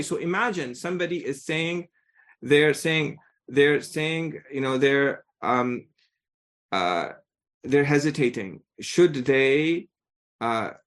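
A man teaching a lesson on Quranic language, earnest and emphatic, often restarting his sentences. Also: on the high side. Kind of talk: lecture on Quranic rhetoric.

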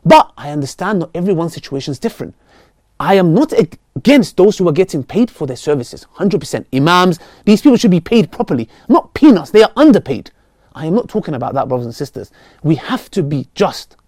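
Impassioned high-pitched preacher man. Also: sing-song, a little fast, no echo, clean studio sound. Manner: earnest, impassioned, swings between loud outbursts and quiet pleading. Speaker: Muslim preacher and video creator. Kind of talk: heartfelt direct-to-camera talk.

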